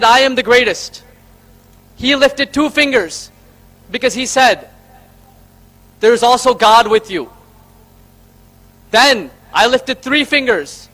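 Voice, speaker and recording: A man's voice: very high-pitched, sharp tone, poor audio. A man voicing a proud male king in a told story, explaining his riddle boastfully.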